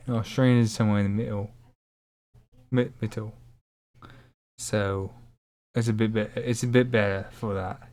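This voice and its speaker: A man's voice: on the low side, fairly even intonation, moderate pace, pauses often, a little mellow. A young man chatting casually, rambling and hesitant with many fillers. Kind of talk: casual vlog chat.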